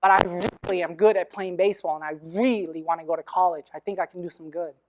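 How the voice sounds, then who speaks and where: A man quoting a quiet, earnest boy. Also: high-pitched, fairly even intonation, quick pace, background noise, pitched below the performer's own voice, close to an everyday voice. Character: shy schoolboy growing into a quiet young man.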